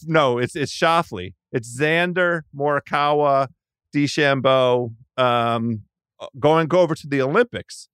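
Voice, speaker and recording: A man's voice: medium pitch, a little slow, a bit bright, clear, resonant tone, no echo. Podcast guest, male, talkative and rambling, clean resonant voice, dry close sound. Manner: rambling, many restarts mid-sentence. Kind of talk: casual sports chat. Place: Washington DC.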